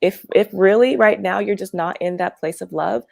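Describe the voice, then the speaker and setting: A woman interview guest who teaches workshops, talking gently in a meandering way with lots of fillers and restarts. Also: mid-range voice, moderate pace, vocal fry, no echo. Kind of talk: conversational interview.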